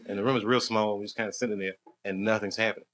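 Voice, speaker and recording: A man's voice: on the low side, steady tone, rapid-fire, a bit bright. Rambling male stand-up comic. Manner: rambling, laughs at his own story, banters with the crowd. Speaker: stand-up comedian. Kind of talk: live stand-up storytelling. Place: stage in a comedy club. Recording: live stage recording with noisy audience. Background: audience laughter.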